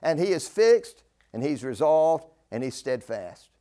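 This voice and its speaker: An older man preaching a fervent sermon, swinging between loud declaring and low, slow emphasis. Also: big pitch swings.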